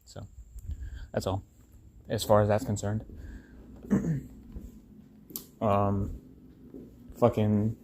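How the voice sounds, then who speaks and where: Low-voiced American man, solo podcast host, loose profane rambling. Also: steady tone, extremely slow, long pauses, background noise. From United States. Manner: rambling, profane, full of fillers.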